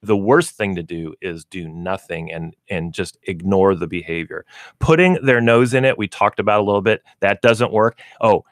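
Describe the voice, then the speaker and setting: Folksy low-voiced man giving pet advice. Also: moderate pace, no room sound, studio quality. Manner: folksy, explains with acted dog and owner voices. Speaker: pet store radio show host. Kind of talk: casual radio talk on pet training.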